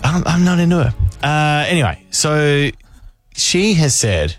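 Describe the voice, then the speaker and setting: A man's voice: on the high side, sing-song, a little slow, no echo, soft background music. A man hosting drive-time radio, bantering with a sarcastic, teasing manner. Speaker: radio host.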